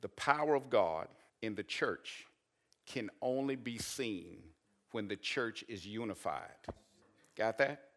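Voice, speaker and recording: Man preaching a sermon. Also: medium pitch. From Arkansas. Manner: storytelling, building to loud emphatic peaks. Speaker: pastor.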